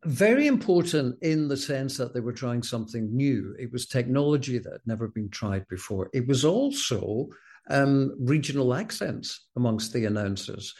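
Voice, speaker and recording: A middle-aged Scottish man, a former broadcast announcer, telling stories with wry self-deprecating humour in a relaxed interview. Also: medium pitch, moderate pace. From Scotland. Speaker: former television continuity announcer, guest.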